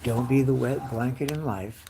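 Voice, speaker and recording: A man in his late forties rambles through a crude, profane rant, jumping from story to story. He keeps slipping into loud mimicked voices. A faint hiss of noise sits under the recording. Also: medium pitch, normal speed. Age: 40s. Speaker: live streamer.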